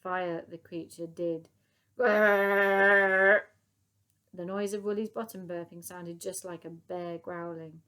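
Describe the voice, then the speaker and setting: A woman reading a children's book aloud in a lively, expressive way, chapter by chapter. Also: fairly low pitch, measured pace, hardly any pauses. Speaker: storybook reader.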